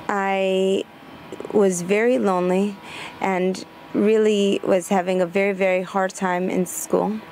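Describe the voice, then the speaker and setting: A woman teaching a parenting lesson from the Torah portion, telling a story in an earnest, drawn-out way. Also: mid-range voice, a little mellow, slight background noise.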